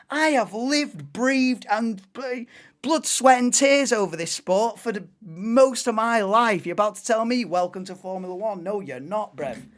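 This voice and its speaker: A man in his thirties hosting a live stream, ranting and laughing in casual chat. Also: sits high. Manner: ranting, laughing, animated banter. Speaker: livestream host.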